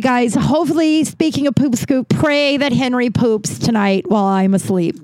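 Young woman, podcast host, casual storytelling, chatty, swears, mellow, dry close sound. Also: fairly high pitch, moderate pace, no room sound. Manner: chatty, filler-heavy, swears freely.

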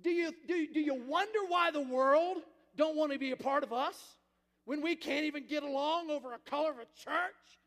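A man's voice: extremely high pitch, moderate pace, fairly bright tone. A man preaching a sermon as pastor, emphatic, with call-and-response to the congregation. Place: church sanctuary. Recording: reverberant church hall.

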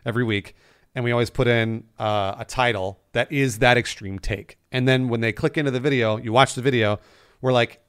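A man chatting casually on a podcast, animated and laughing, acting out what people say. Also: medium pitch, fairly quick, smooth. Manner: animated, laughing, acts out quotes. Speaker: podcast guest, video game news host.

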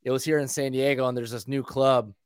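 A man telling stories as a guest in a casual chat, animated and full of swearing. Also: mid-range voice, a little fast, clean tone, dry recording, clean studio sound. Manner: animated, profane storytelling.

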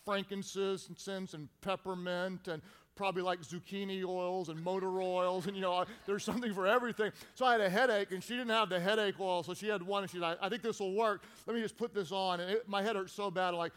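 A man preaching a sermon to his church, telling stories with lively acted-out shouts. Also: sits high, fairly quick, clear, resonant tone. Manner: animated storytelling with acted-out shouts. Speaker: pastor. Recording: long reverb of a large hall.

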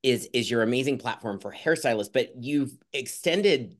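A man in his thirties hosts a podcast in a casual, heartfelt way. He talks animatedly, laughs easily and plays out his own past thoughts in lively voices. His voice sits at an ordinary pitch for a man. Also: moderate pace. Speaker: podcast host.

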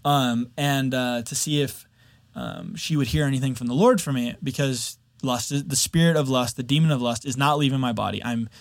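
A young man speaks candidly to his listeners, sharing a personal testimony with earnest openness. His voice sits at an ordinary middle pitch. The sound is dry and close, with no room echo. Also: sing-song, moderate pace, creaky. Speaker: video editor sharing a faith testimony.

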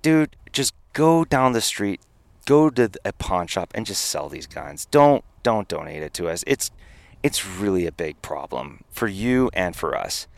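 A man's voice: deep voice, very animated, unhurried, vocal fry, full character voice. A man voicing a blunt, exasperated, gray-haired older police chief who talks casually and swears. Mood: blunt advice.

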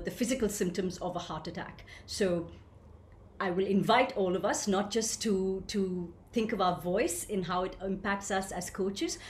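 A woman leading a voice workshop for coaches, lively and questioning, answering participants by name. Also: mid-range voice, reverberant, slight background noise. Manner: animated, asks the group questions and answers them. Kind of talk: live online workshop teaching.

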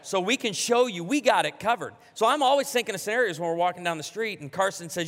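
A man preaching a sermon to a congregation, animated and emphatic, joking along the way. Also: sits high, fast, hardly any pauses, big-room sound. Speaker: pastor.

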